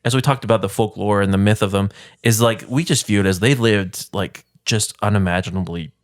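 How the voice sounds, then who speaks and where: A man's voice: on the low side, brisk, no room sound, studio quality. A man co-hosting a casual podcast, leading the topic in a rambling way with lots of "like" and "I mean". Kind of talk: casual chat.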